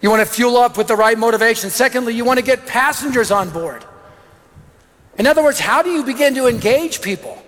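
A man's voice: very high-pitched, expressive, brisk, a bit bright. A middle-aged man preaching a sermon, telling stories with energy and punchy lists. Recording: long reverb of a large hall.

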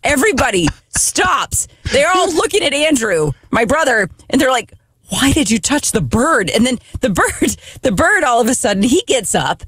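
A woman casually telling a funny family story in a lively, animated way, often restarting her sentences. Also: high voice, moderate pace, hardly any pauses, husky, no echo, clean studio sound.

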